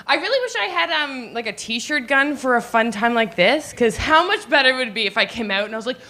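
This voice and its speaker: A woman's voice: fairly high pitch, animated, fairly quick, pushed and bright. A young woman doing a stand-up set, bubbly and giggly, acting out little voices as she goes. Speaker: stand-up comedian. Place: comedy stage, live audience.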